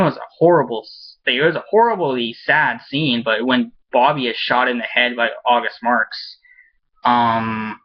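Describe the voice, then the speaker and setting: Male home reviewer, mid pitch, halting and rambling, eager fan, muffled lo-fi recording. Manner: rambling and halting, with many restarts; enthusiastic fan, laughs often. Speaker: TV episode reviewer. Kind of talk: casual spoken review. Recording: dull lo-fi recording.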